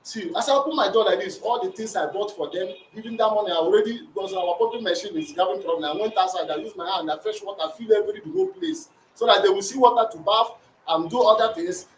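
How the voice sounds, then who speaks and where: Nigerian man with a very high voice pleading his side of a family quarrel, rambling and repetitive; distant mic in a roomy space with faint noise. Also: quick pace. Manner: rambling, repetitive, animated storytelling. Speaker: complainant. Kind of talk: recounting a domestic dispute.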